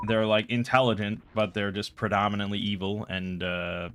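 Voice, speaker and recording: A man's voice: on the low side, little pitch movement, moderate pace, fairly bright tone. A man hosting a casual chat show, retelling a game session in a rambling, exasperated way. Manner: rambling, exasperated storytelling with many fillers. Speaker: podcast host.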